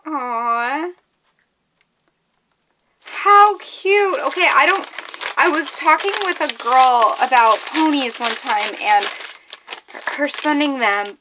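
A young woman vlogger opening fan mail in casual chat, excitable and often gasping and squealing with delight. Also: fairly high pitch, slight background noise.

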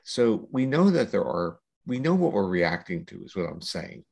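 An older man speaks as a scientist guest in a podcast interview, laying out ideas at length in a measured, lecturing manner. His voice sits low and gravelly, with a husky edge. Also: big pitch swings, darkish tone. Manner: measured, lecturing with long explanations. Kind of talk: explanatory interview talk.

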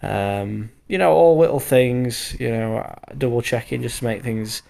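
A man's voice: medium pitch, a little slow, vocal fry, mellow. A man in his thirties, a bricklayer, giving a rambling, casual voiceover full of fillers; he sounds tired from lack of sleep. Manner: rambling, loose talk full of fillers and the odd swear. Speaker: bricklayer vlogger.

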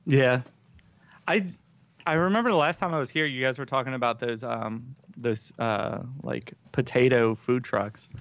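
A man's voice: mid-range voice, moderate pace, fairly bright tone. A man chatting as a guest on a talk show, laid-back and chuckling. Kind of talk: casual chat.

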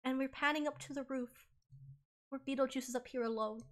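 A woman streamer giving an excitable, animated comic retelling of a musical. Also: high-pitched, fairly quick.

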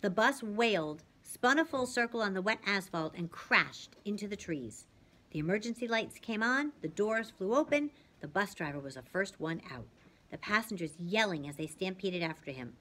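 A woman reading a novel aloud as a reader for her channel, narrating lively and dramatically, dropping at times to a soft hush. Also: medium pitch, moderate pace.

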